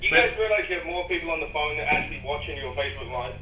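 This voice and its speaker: A man calling into a comedy podcast, loud and incredulous, swearing freely in crude banter. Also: on the high side, rapid-fire, reverberant, recorded from a distance, low-quality recording. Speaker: phone-in caller. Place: outdoors.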